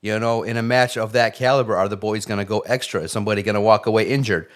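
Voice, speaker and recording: A man co-hosting a casual wrestling chat, animated and excitable, acting out quotes as he talks. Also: on the low side, fast. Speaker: wrestling podcast co-host.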